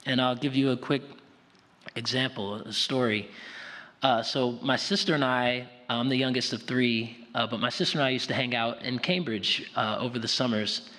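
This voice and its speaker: A man speaking to an audience in a relaxed, conversational way, often restarting and repeating words. His mid-pitched voice carries a long reverb from a large lecture hall. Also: normal speed. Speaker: guest speaker. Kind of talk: public talk.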